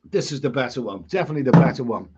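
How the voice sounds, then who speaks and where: A man's voice: medium pitch, animated, rapid-fire, muffled recording, heavy background noise. A man with a Scouse accent hosting a live stream, chatting casually and rambling through viewer comments with many restarts. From England.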